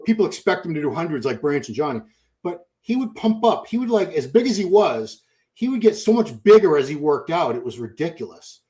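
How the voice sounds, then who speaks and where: A man with a fairly high voice hosts a podcast and spins gym stories. His delivery is animated and chatty, full of asides. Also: brisk. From Boston. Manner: storytelling, animated. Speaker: podcast host. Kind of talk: casual chat.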